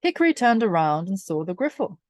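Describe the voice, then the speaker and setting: Expressive woman reading a children's storybook. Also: medium pitch, dry recording. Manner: expressive, slow and clear for children. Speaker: reader. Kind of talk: children's storybook read-aloud.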